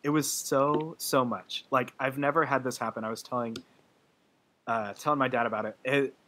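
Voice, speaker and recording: A man's voice: medium pitch, steady tone, moderate pace, bright, forceful tone, a little hiss or hum. A man co-hosting a movie podcast, talking in an emotional, laughing way in casual chat. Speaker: podcast co-host.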